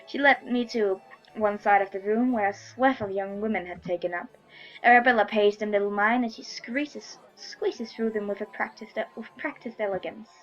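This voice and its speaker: A woman's voice: medium pitch, normal speed, highs cut off, soft background music. A woman reading a story game aloud in a casual let's-play, giggly and self-mocking, with some swearing.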